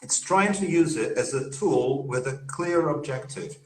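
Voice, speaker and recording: A man's voice: medium pitch, a little slow. Brazilian man telling stories in a roomy echo. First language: Portuguese. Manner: lively storyteller, chuckles often. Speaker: guest English teacher. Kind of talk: casual live interview.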